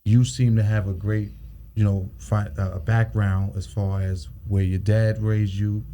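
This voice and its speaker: A man hosting a podcast who asks questions in a hesitant, measured way. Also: on the low side, level tone, mellow. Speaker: podcast host. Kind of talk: casual interview.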